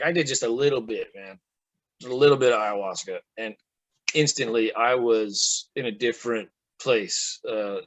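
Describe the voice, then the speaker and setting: Male interview guest, mid-pitched, relaxed storyteller who acts out dialogue. Dry, close sound. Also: dry recording, poor audio. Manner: animated, acts out quoted speech.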